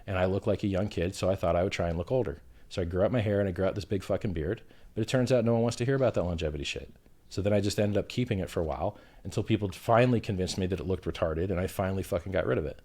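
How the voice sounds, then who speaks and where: A man's voice: deep voice, racing, a little mellow. A man being interviewed on a livestream, combative and profane, who hurls insults while defending himself. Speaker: interview guest.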